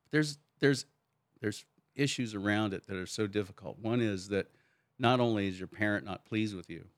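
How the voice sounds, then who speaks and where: Older man, very deep voice, dry close sound, thoughtful conversational storyteller. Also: normal speed, dry recording. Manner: reflective, storytelling, laughs easily. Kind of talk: casual conversation.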